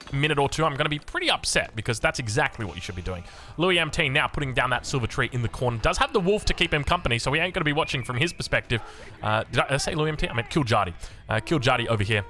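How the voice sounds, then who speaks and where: Fast, bright-voiced Australian game caster. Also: male voice, mid-range voice. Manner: excitable, rambling, frequent restarts. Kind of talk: strategy game commentary with personal anecdotes.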